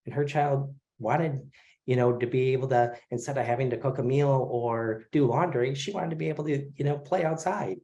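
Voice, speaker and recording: A man's voice: medium pitch, moderate pace, muffled recording. Chatty middle-aged male therapy teacher. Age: 40s. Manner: relaxed and conversational, with many fillers. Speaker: craniosacral therapy instructor. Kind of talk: casual online lecture. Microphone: video call.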